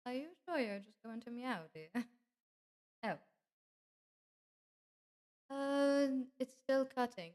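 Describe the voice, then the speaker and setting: Slow, sing-songy woman streamer, kinda theatrical, calls everyone darling. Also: high-pitched, lively intonation, darkish tone. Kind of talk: in-character livestream debut chat.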